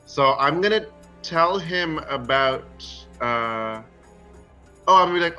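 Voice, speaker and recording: A man's voice: fairly high pitch, lively intonation, takes it slowly, sharp tone, faint music behind. A man playing a tabletop role-playing game, hesitant and self-deprecating. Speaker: player.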